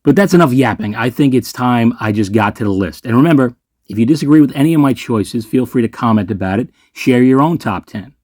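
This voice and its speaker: A man's voice: medium pitch, expressive, a little fast, a little mellow, dry recording. Male movie reviewer, sarcastic rant, swears, dry close sound. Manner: sarcastic, ranting, swears freely. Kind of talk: ranking list commentary.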